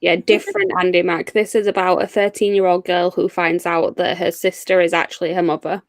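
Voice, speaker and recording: Low-voiced woman retelling a show. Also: flat delivery, a little fast, dry recording, studio quality. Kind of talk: casual chat.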